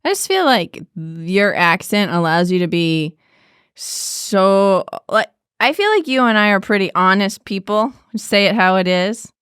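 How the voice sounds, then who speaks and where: A woman's voice: medium pitch, expressive, measured pace, a bit bright, smooth, no room sound, clean studio sound. A woman co-hosting a podcast, talking frankly and playfully with laughter. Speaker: podcast co-host. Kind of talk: casual podcast chat.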